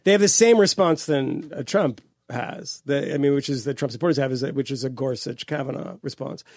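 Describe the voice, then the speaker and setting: Gravelly animated man. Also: mid-range voice, fairly quick, no echo, studio quality. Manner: animated, swearing, rambling with restarts. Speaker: podcast co-host. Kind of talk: casual political chat.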